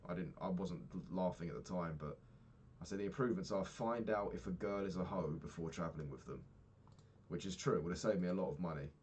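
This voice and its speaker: Young guy, deep voice, rambly sweary vlog rant. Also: quick pace, a little mellow, slight background noise. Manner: rambling, swears a lot, ranting. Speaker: vlogger. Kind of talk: casual diary vlog.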